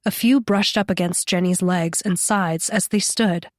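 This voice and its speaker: A woman reading a horror novel aloud as an audiobook narrator, in a steady, measured style. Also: lowish voice, no room sound, studio quality. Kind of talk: scripted narration.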